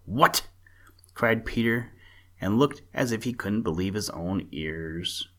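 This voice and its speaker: A man narrating a children's animal story for a reading podcast, steady and measured. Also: lowish voice.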